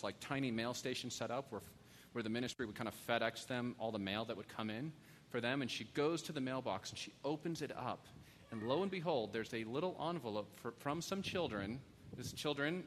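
A man's voice: medium pitch, a bit bright, long reverb tail, slight background noise. A married man preaching a sermon to a congregation, earnest and pleading, telling stories and asking the kids questions. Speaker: pastor. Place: church sanctuary.

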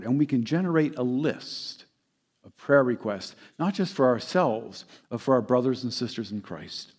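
A man's voice: medium pitch, animated, normal speed, husky. Man preaching with sweeping dynamics. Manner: dynamic preaching, swelling loud then dropping soft. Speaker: pastor. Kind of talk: sermon.

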